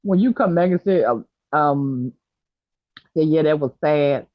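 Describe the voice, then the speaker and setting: A livestream chat host talking in a halting, somber way, with many pauses and fillers. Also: medium pitch, no echo, lo-fi sound.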